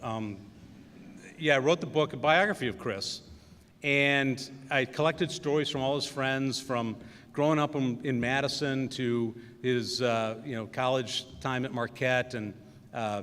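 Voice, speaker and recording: In a school ceremony hall thick with reverb, a middle-aged man from Wisconsin gives a commencement speech as guest speaker. His medium-pitched voice has a fairly bright tone, and he fills his anecdotal, self-deprecating storytelling with many fillers.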